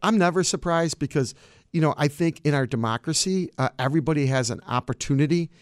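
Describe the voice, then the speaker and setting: A man's voice: a little high, quick pace, dry recording, studio quality. A man, a county clerk answering campaign interview questions in an emphatic, combative way.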